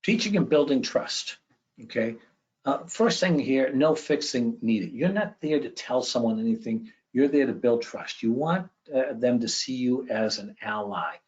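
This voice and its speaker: A man giving an educational presentation with slides, conversational and often checking in with a quick "okay?". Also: mid-range voice, animated. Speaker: education speaker. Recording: dull lo-fi recording.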